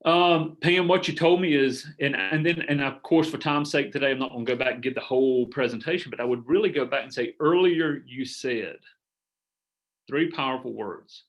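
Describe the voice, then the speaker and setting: A middle-aged man coaching a group over a video call, earnest and animated, acting out sample sales conversations. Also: medium pitch, a little fast, few pauses. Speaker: business coach. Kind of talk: coaching workshop talk.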